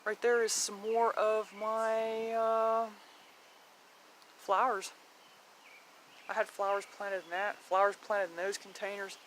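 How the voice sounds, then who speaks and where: A woman's voice: medium pitch, level tone, slow, pauses often, fairly bright tone, a little hiss or hum. A woman giving a casual walking tour of her home garden, chatty and rambling, blunt, with mild swearing and frequent laughter.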